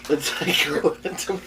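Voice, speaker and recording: A podcast co-host chatting casually about a movie, laid-back and chiming in with agreement and laughs. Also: mid-range voice. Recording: distant mic with faint background noise.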